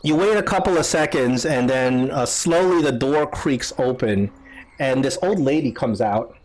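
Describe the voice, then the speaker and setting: A man's voice: mid-range voice, moderate pace, a little mellow. A man narrating as game master of a tabletop game, casual and loose, with lots of fillers and restarts.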